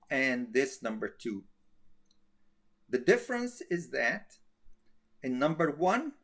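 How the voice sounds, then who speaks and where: Male teacher, slow, patient, checks understanding often. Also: fairly high pitch, fairly bright tone, husky. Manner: slow, repetitive, checks with "okay?". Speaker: Arabic grammar teacher. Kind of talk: classroom grammar lesson.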